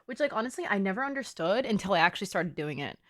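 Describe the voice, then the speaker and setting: A woman's voice: medium pitch, sing-song, quick pace. A young woman streaming from home, chatting playfully with her viewers and swearing casually. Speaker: game streamer. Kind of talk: casual live-stream chat.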